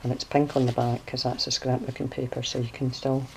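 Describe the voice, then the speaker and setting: A woman with a notably low voice talks through her handmade journal in a relaxed, chatty way. She pauses to hunt for words and corrects herself as she goes. A faint hum of noise sits under her voice. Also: creaky, rough recording. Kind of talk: casual craft walkthrough.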